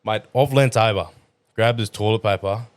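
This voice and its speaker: A man's voice: lowish voice, moderate pace, no room sound. An Australian tradesman co-hosting a casual podcast, telling crude stories full of swearing. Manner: crude, swearing, animated storyteller. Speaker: podcast co-host.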